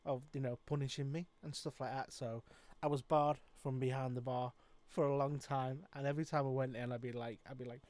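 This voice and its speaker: A man's voice: medium pitch, steady tone, fairly quick, darkish tone, no room sound. A man who sings and live streams, telling rambling stories in casual chat with many fillers.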